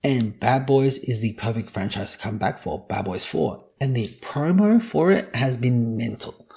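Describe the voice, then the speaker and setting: Gravelly man ranting on a podcast. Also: medium pitch, expressive, moderate pace, mellow. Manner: profane, joking, ranting. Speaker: podcast host. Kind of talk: casual solo podcast monologue.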